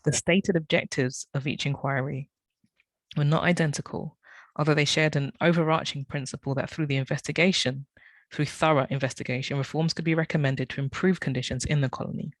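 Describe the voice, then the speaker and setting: A man's voice: a little high, fairly even intonation, fairly quick, no echo, rough recording. Man reading a talk from notes. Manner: reads from notes, with frequent self-corrections and apologies. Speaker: academic speaker.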